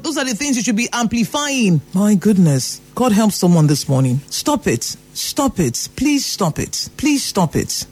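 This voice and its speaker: A Nigerian man giving an emphatic motivational talk, repeating phrases for emphasis. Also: very high-pitched. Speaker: motivational speaker.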